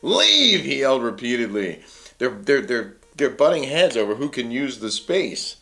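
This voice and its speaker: A man co-hosting a casual talk show, chatting and reading a news article aloud in a measured way. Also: mid-range voice. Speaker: show co-host.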